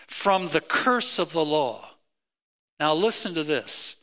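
A middle-aged man preaching a sermon as pastor, emphatic with repeated phrases that climb in pitch. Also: lively intonation, slow pace, sharp tone.

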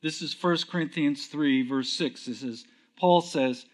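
A man preaching a sermon who puts questions to his listeners, answers them himself, and reads scripture verses slowly and with emphasis. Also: a little high.

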